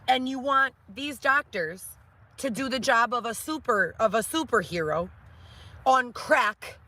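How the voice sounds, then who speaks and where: A woman's voice: fairly high pitch, lively intonation, a little slow, bright, forceful tone, slight background noise. A woman ranting animatedly and profanely about her old job on a live stream, mimicking others in a raised voice.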